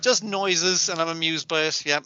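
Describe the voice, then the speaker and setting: A man's voice: on the high side, normal speed, sharp tone, smooth, no room sound, lo-fi sound. A man co-hosting a podcast, chatting casually, swearing freely and retelling scenes. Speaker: podcast co-host. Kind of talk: casual chat.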